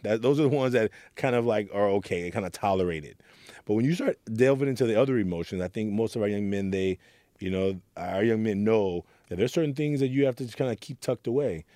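Earnest man with a dark, mellow voice. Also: fairly low pitch, lively intonation, quick pace, no echo. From Oakland, California. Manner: earnest, storytelling, acts out quoted voices. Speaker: guest, youth mentor. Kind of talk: reflective interview answers.

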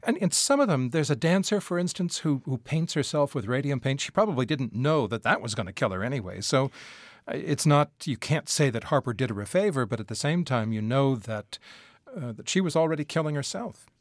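A man's voice: mid-range voice, expressive, brisk, hardly any pauses, no echo, clean studio sound. A man interviewing an author, asking reflective, conversational questions.

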